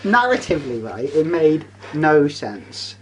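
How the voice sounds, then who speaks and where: A man's voice: on the high side, very animated, measured pace, slight background noise, rough recording. A man in casual chat, ranting and swearing, repeating himself for effect.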